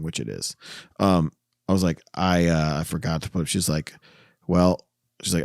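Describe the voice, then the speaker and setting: A man with a fairly low voice, chatting casually as a podcast host. He tells long stories, laughs a lot and quotes others without changing his voice. The sound is dry and close. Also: normal speed, creaky, darkish tone, dry recording. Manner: storytelling, laughs often, quotes people in his own voice. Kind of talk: casual chat.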